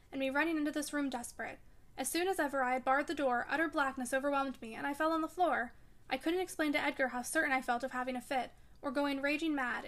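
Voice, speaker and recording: Woman reader voicing a delirious young lady, high voice, dreamy and frightened, audiobook reading. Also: fairly bright tone. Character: feverish delirious young woman, wild-tempered.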